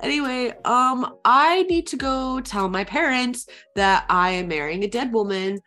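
A woman's voice: a little high, animated, a little slow, sharp tone, pitched above the performer's own voice. A woman doing a flustered nervous groom. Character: nervous anxious young groom, man.

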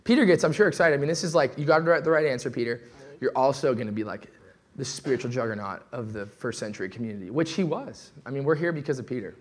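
A young man giving a sermon from the pulpit with an easy, chatty delivery. His voice sits at an ordinary middle pitch, and he keeps slipping into quick acted-out asides before returning to the text. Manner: casual conversational preaching, lively with asides. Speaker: pastor.

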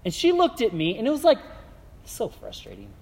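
A man preaching a sermon as a pastor, telling stories in a relaxed, conversational way with lots of fillers. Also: high voice, a little fast, gravelly, long reverb tail. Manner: conversational storytelling with many fillers.

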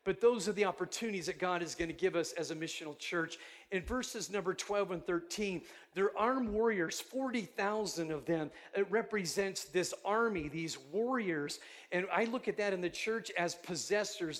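A man's voice: high voice, normal speed. A middle-aged male pastor preaching a sermon in an earnest, emphatic way, often restarting his phrases.

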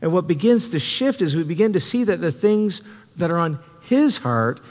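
A man's voice: high voice, big pitch swings, normal speed, darkish tone. A man preaching a sermon, telling a personal story in an earnest, conversational way with frequent restarts. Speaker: pastor. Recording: reverberant hall.

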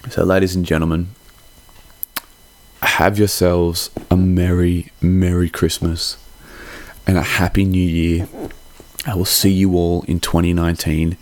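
A man's voice: deep voice, flat delivery, unhurried, pauses often. A young man hosting a podcast. He gives a casual, heartfelt holiday sign-off that rambles and swears freely. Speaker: podcast host.

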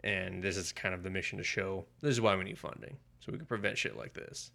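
A man with a low, gravelly voice talks fast, bright and forceful. During a casual podcast chat reviewing comics, this co-host retells a comic's plot in a rambling, profane style littered with filler words.

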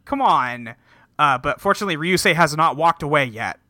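A man's voice: a little high, animated, quick pace, sharp tone, no room sound, studio quality. A man hosting a podcast, recapping an episode in a rambling, profane, casual way. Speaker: podcast host.

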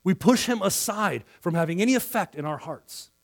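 Animated man preaching a sermon. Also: high voice, moderate pace, creaky. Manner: animated, acts out quoted dialogue, swings between loud and hushed. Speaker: pastor.

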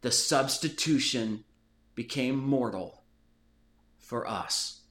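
An earnest man leads a casual Bible study discussion, explaining his ideas at length. His voice sits at a middle pitch, and the recording has a roomy echo around him. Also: slow, a bit bright. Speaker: host of a Bible study talk. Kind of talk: casual teaching chat.

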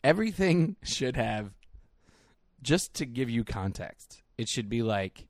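Young male podcast co-host, animated storyteller, very expressive pitch, dry sound. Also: unhurried, no room sound. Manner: animated storytelling, acts out quoted voices. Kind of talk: casual chat.

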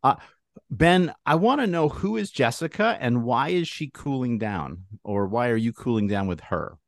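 A man co-hosting a casual podcast chat, teasing with dry, deadpan humor. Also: mid-range voice, normal speed, dry recording. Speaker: podcast co-host.

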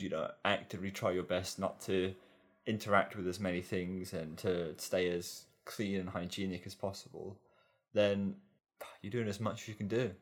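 Deep-voiced man musing aloud. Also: a bit bright. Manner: musing, hesitant, repeats words. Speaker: podcast co-host. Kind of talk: casual chat.

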